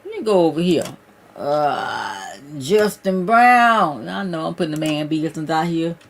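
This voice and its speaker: A woman's voice: low-pitched, big pitch swings, unhurried, vocal fry. A woman hosting her own livestream, chatting casually with viewers and calling them "y'all" and "child". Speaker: livestream host.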